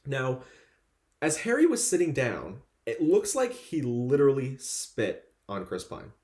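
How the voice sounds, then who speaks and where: A young man co-hosting a chatty podcast, gossiping with animated energy and slipping into little impressions of the people he talks about. His pitch swoops up and down all the time. The room around him sounds echoey. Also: measured pace. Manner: animated gossiping, acts out quotes. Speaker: podcast co-host. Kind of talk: casual chat.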